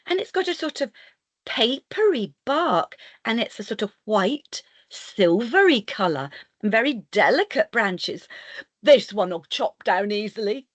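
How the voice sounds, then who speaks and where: A woman's voice: a little high, animated, unhurried, dry recording. A woman voicing a stubborn young male woodcutter in a children's story, talking in a brash, dismissive way. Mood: eager.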